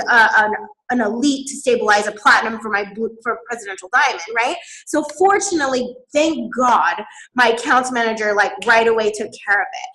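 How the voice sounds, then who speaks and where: A woman, a network marketing leader, explaining business strategy in an animated way, laughing often. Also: on the high side, a little fast, roomy sound, rough recording.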